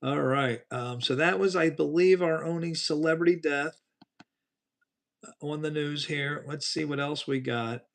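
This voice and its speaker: A man's voice: on the high side, measured pace, creaky, fairly bright tone. A man hosting a casual nightly livestream, telling rambling stories and talking to his chat by name. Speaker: livestream host.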